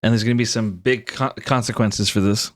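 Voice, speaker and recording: A man running a tabletop game as game master, explaining what the characters do in a halting way with frequent restarts. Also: lowish voice, fairly even intonation, slight background noise.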